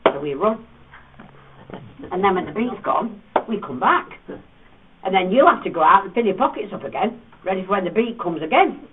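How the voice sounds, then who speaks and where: A man's voice: high-pitched, moderate pace, pauses often, noisy background. A man guiding a tour group through a cave, telling teasing stories and acting out voices. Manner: playful, teasing storyteller with animated voices. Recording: distant, phone-like thin sound.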